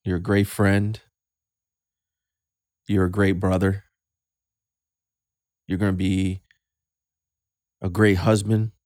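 A man in his fifties, a father speaking with emotion in a casual podcast talk, halting and repeating words as he gets choked up. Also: deep voice, little pitch movement, darkish tone, no echo, studio quality. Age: 50s. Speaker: guest, host's father.

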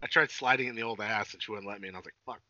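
A man's voice: on the low side, rapid-fire, pushed and bright, no echo. A man co-hosting a podcast in casual, profane banter. He jokes a lot and often trails off mid-sentence. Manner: profane, joking, trails off and restarts. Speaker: podcast co-host. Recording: dull lo-fi dry sound.

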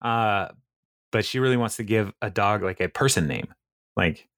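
Laughing man recapping, low dry voice. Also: moderate pace, fairly bright tone, dry recording. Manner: laughs often, recounts scenes with quoted lines and many fillers. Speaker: podcast co-host. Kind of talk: casual chat recapping a TV episode.

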